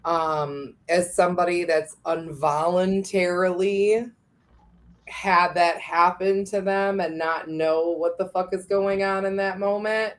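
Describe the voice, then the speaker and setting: A woman's voice: fairly low pitch, fairly even intonation, slow pace. A woman in casual chat, talking hesitantly and searching for her words. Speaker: guest.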